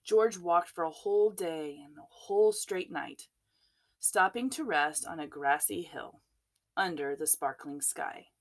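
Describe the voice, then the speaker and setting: Slow, expressive woman reading a storybook. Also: lowish voice. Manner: expressive, unhurried. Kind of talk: children's storybook read-aloud.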